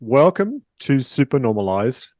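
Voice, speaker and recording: A man hosting a podcast, talking in a relaxed, chatty way with fillers as he interviews a guest. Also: medium pitch, a little slow, soft background music. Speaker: podcast host.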